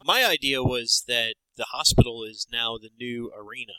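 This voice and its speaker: A laid-back man jokes around in a podcast chat. His voice has a bright edge at a middle pitch and is recorded dry and close. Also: normal speed, clear, resonant tone, no echo, poor audio. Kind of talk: casual chat.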